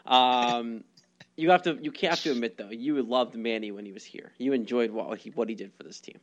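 A man's voice: mid-range voice, fairly quick, muffled recording. A young man co-hosting a casual sports podcast, talking with many hesitations and frequent laughs. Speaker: podcast co-host.

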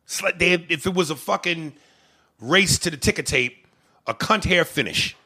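A man's voice: on the high side, moderate pace, pushed and bright. A man hosting a casual comedy podcast, reading listener emails aloud and joking through them with lots of profanity.

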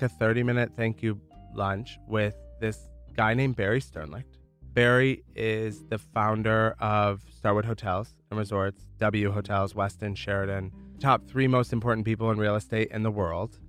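Dropping "like" often, a man from Michigan, USA, appears as an entrepreneur guest and casually shares his founder story in a candid, chatty manner. His voice is lowish and a bit bright.

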